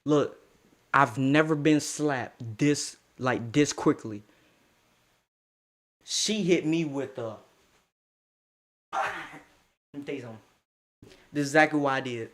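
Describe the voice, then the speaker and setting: A young man telling a casual storytime tale in a lively, slangy way, laughing as he goes. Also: medium pitch, slow, long pauses.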